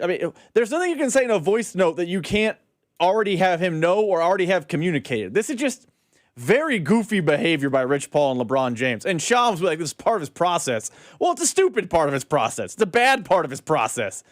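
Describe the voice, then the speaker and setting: A man's voice: sits high, very animated, brisk, dry recording. A man co-hosting a casual sports talk radio show, offering puzzled, mocking commentary into a studio microphone.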